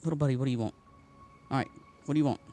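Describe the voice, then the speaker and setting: A man's voice: mid-range voice, very fast, warm tone, faint music behind. A man with a Southern US accent chatting casually and jokingly while streaming a game live. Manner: chatty, joking, talks to his cat and chat.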